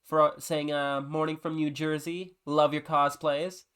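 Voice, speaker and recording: Easygoing panel host, smooth, clear voice, mid pitch, reads chat aloud casually. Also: level tone, a little slow, fairly bright tone. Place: convention panel stage.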